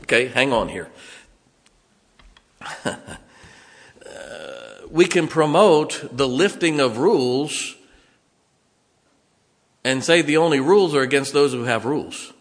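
Older pastor preaching, folksy storytelling, voice ringing around a church hall. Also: male voice, medium pitch, animated, slow pace, long pauses. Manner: folksy storytelling preacher, plain-spoken with rhetorical questions. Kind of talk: sermon. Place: church sanctuary. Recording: long reverb in a church hall.

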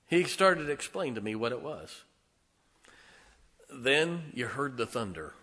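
Folksy middle-aged man telling a story, bright voice. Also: medium pitch, sing-song, a little slow, long reverb tail, a little hiss or hum. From northern Ohio, near Lake Erie. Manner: folksy, conversational, acts out quoted dialogue. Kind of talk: personal storytelling.

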